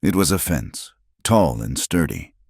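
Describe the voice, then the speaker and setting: A man narrating a scripted western tale in a measured, dramatic reading style. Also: extremely low pitch, animated, a little mellow, husky, no room sound, clean studio sound.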